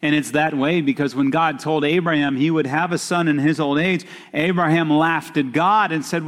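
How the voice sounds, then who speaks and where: A pastor preaching a sermon, reading scripture aloud and retelling the story with expressive storytelling. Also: male voice, a little high, normal speed, hardly any pauses, in a large hall.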